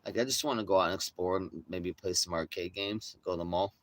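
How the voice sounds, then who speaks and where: A man's voice: sits low, fairly quick. A middle-aged man hosting a livestream, telling rambling, profane stories full of acted-out quotes in a casual chat style. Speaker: livestream host.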